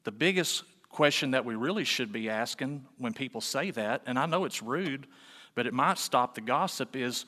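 A man preaching a sermon in a relaxed, folksy way, full of rhetorical questions, in a church sanctuary. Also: mid-range voice, fairly quick, long reverb tail. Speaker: pastor.

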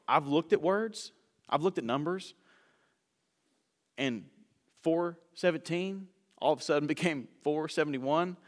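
A man preaching a sermon in a church sanctuary, a self-described fast talker who slows down for emphasis and swings from loud bursts to hushed asides. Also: on the high side. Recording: echoey church hall reverb.

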